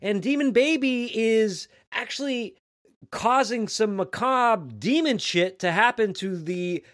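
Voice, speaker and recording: A man co-hosting a casual chat, jokey and animated. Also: high-pitched, slow pace, no echo, studio quality. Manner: animated, jokey, acts out quotes. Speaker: podcast co-host. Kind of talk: casual chat about a comic.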